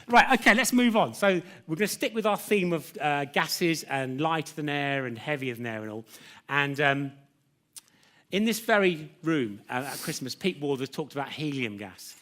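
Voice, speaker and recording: A man's voice: fairly high pitch, animated, moderate pace, fairly bright tone. Jokey male science presenter. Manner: jokey, chatty, teasing his assistant. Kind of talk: live science demonstration lecture. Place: lecture theatre with audience.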